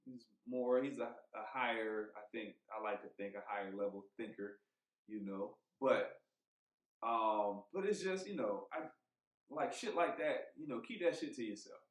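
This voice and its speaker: A man's voice: mid-range voice, normal speed. Emphatic swearing man, roomy podcast sound. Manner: heated, emphatic, swears freely, thinks aloud with restarts. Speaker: podcast co-host. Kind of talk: casual podcast chat. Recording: roomy echo.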